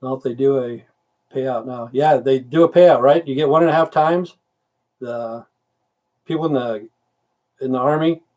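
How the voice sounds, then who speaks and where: A man's voice: medium pitch, normal speed, pauses often, darkish tone. A middle-aged man, a military veteran, hosting a casual livestream, reading viewer comments aloud and answering them in a rambling, profane, grumbling way. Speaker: livestream host.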